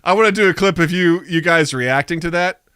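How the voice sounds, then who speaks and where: A man's voice: sits high, a little fast, very noisy. A man in his thirties co-hosting a podcast, telling a story in casual chat and acting out the quotes. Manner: animated storytelling, acts out quotes. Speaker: podcast co-host.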